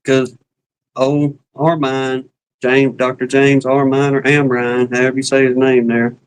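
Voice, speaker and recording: A man with a Southern drawl talks casually on a live stream, folksy and rambling, stopping often to hunt for a word. His voice sits at an ordinary middle pitch. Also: little pitch movement, measured pace, clean tone, low-quality recording. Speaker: beekeeping livestream co-host. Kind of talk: casual chat.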